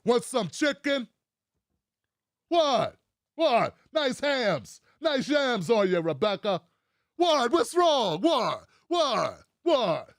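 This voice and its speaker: A man's voice: very high voice, big pitch swings, drawn-out words, no echo, clean studio sound, full character voice. A man mimicking a brash, crude old-school male boss who keeps asking what's wrong in mock innocence. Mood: mock-innocent.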